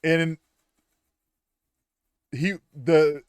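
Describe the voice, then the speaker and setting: A man's voice: fairly high pitch, fairly even intonation, very slow, a little mellow, smooth, no echo. A young man streaming a game live, chatting casually and crudely and retelling events animatedly. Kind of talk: live gameplay commentary.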